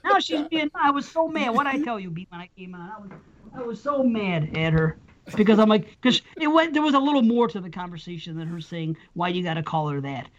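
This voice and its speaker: A man's voice: high-pitched, expressive, fairly quick. Middle-aged man, podcast co-host, rambling profane storyteller, muffled lo-fi audio. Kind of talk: casual chat, storytelling. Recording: dull lo-fi sound.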